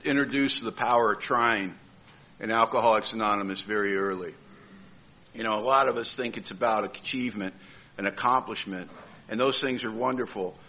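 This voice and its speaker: A man's voice: mid-range voice, pushed and bright. A man telling a humorous story about his own recovery, acting out the voices of other people with comic timing. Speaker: recovering alcoholic sharing his story at a meeting. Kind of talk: humorous personal recovery talk.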